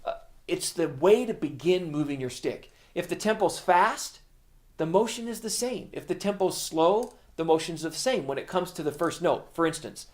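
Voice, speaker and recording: A man's voice: on the high side, animated, normal speed. A middle-aged man teaching a drum lesson, explaining patiently in plain words and counting beats aloud. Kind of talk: instructional video lesson.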